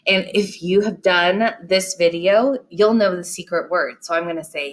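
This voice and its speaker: A woman's voice: on the low side, moderate pace. A woman teacher recording a lesson for young students, patient and encouraging, who reads her examples aloud with expression.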